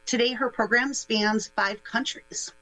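A woman guest on a local radio show giving steady, informative answers. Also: on the high side, unhurried, rough recording. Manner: steady, informative, a few fillers. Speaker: guest, nonprofit initiatives director.

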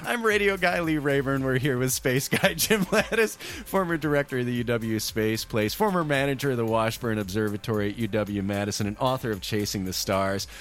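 A man's voice: medium pitch, brisk, few pauses, a bit bright. A man hosting a radio call-in show, with a jokey, easygoing manner. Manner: jokey and easygoing, laughs along with callers. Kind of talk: casual radio talk.

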